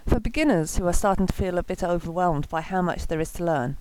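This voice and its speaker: Measured woman teaching a lesson. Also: lowish voice, animated, a little mellow, poor audio. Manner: clear, measured, slows to pronounce example words. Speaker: language teacher. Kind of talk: scripted podcast lesson.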